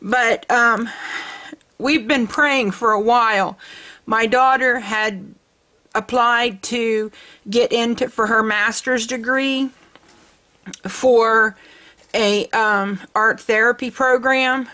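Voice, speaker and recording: A middle-aged woman hosting her crafting vlog, gushing with excitement and laughing often. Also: fairly high pitch, slow pace. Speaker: crafting channel host. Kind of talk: casual vlog chat.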